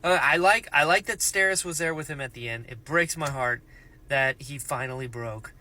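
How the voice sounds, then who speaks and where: A man hosting a casual book reaction vlog, excitable and gushing, thinking aloud with lots of rhetorical questions. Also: mid-range voice, normal speed, poor audio.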